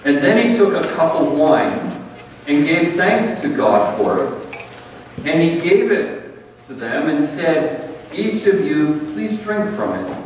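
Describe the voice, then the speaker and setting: Pastor, male, slightly high voice, unhurried earnest sermon delivery, booming hall reverb. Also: sing-song, slight background noise. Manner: earnest, conversational preaching with emphatic repetition. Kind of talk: communion sermon. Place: church sanctuary. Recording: echoey hall, far from the mic.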